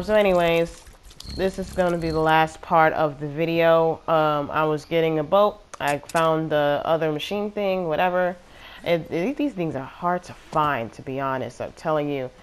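A woman giving casual, rambling commentary over her own gameplay footage, sounding exasperated and using plenty of fillers. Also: low-pitched. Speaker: gaming channel host.

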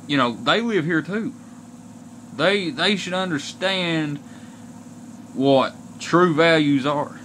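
This young vlogger from Kentucky, USA, has a fairly high pitch and a sharp tone as he rants bluntly to camera in an Appalachian accent. Aggrieved and swearing frequently, he keeps his pace slow and deliberate. There's a little hiss or hum in the audio.

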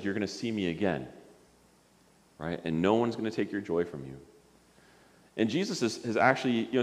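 A male pastor with a low voice talks in a gentle, coaxing way, his pitch swooping up and down as he restarts his phrases. The sound rings with the long reverb of a church. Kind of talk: children's sermon with a puppet. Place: church sanctuary.

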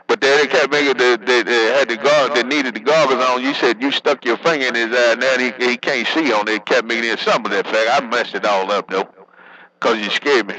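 A man's voice: medium pitch, a little fast, bright, forceful tone, poor audio. A working man chatting casually over a CB radio, joking in loose slang and laughing often. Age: adult, working. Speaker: CB radio operator.

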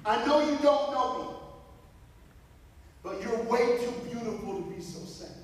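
A man voicing a gentle, eager teenage boy with a high, earnest, pleading voice, echoing around a gym. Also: a little slow, a little hiss or hum. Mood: polite earnest. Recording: echoey gym heard from far off.

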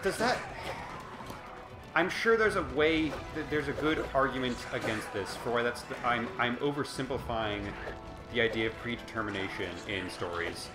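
A man riffs as a let's play commentator in a casual game rant, meandering and sarcastic before rising into heated, impassioned argument. His mid-range voice is expressive at a moderate pace, ringing around a roomy space, with game music clearly audible behind him.

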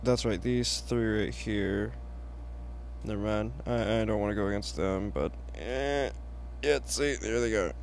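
A young man talks through a video game in a laid-back, chatty way, swearing now and then. His voice has a gravelly creak, and he speaks at an unhurried pace. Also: on the low side, a little hiss or hum. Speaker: let's play host. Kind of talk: casual gameplay commentary.

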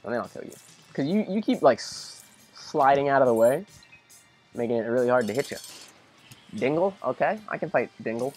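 A man's voice: medium pitch, lively intonation, fairly quick, pauses often, a little mellow, soft background music. A young man casually rambling through gameplay commentary, tired and easygoing, now and then talking to his dog. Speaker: let's play commentator.

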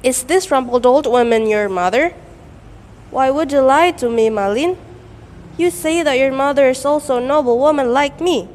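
A haughty rich noblewoman who sneers at a ragged old woman, played by a young woman storyteller. The voice is pitched a touch high and carries an echoey hall sound with faint noise. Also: normal speed, a little mellow, close to an everyday voice. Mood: scornful. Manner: sneering, accusing.

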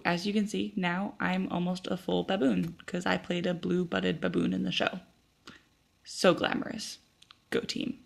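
A woman's voice: lowish voice, vocal fry. A young woman, a college student, chatting in a rambling, self-mocking way as she records a casual video letter to a friend from her dorm room. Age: young adult.

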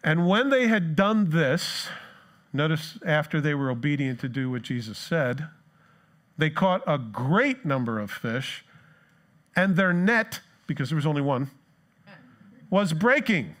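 Man preaching a lively sermon. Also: a little high, a little slow. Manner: animated storytelling, acts out crowd voices. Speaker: pastor. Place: church.

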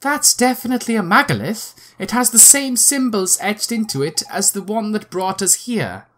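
A woman's voice: medium pitch, lively intonation, normal speed, fairly bright tone. A woman voicing an earnest, thoughtful young heroine over a video game.

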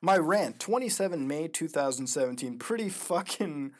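A man hosting a casual reaction commentary, profane and excitable, swinging from mumbled asides to loud outbursts. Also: on the high side, moderate pace. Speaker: host.

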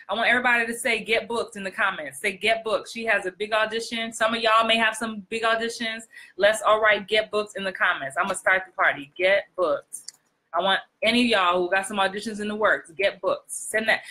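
Bright, chatty woman coaching actors. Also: medium pitch. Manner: animated, chatty, talks to viewers directly. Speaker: acting coach. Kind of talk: live-streamed acting tips.

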